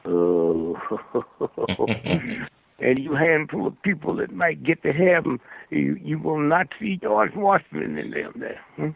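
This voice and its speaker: With a fairly high, creaky voice whose pitch swoops wildly, an older man takes his time preaching through long, rambling stories as a guest on a phone-line radio call. He keeps asking "Hmm?" for agreement, and there's no room sound.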